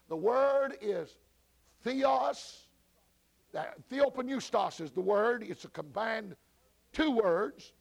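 Teaching a Bible study at church, this man talks slowly in a high voice marked by vocal fry. His delivery is repetitive, full of fillers and restarts, and he shouts out to those seated at the back.

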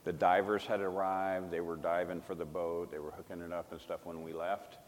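Male preacher, low voice, emphatic testimony, long hall reverb. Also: flat delivery, a little fast, slight background noise. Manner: emphatic, swinging from loud to hushed. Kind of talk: sermon storytelling.

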